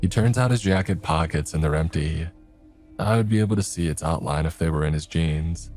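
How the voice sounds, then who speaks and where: A man telling a first-person horror story in a measured, scripted narration, voicing the characters himself. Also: a bass voice, darkish tone, soft background music.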